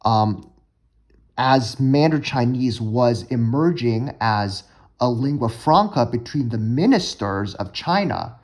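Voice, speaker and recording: A man's voice: mid-range voice, lively intonation, slow pace, darkish tone. A young man casually explaining vocabulary and pronunciations in a language-learning lesson, talking with many fillers and restarts. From United States.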